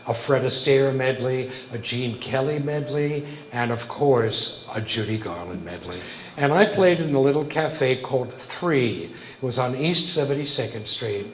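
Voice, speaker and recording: A man's voice: medium pitch, reverberant, a little hiss or hum, low-quality recording. An older man, a cabaret singer-songwriter, telling a wry, conversational anecdote between songs at a live venue.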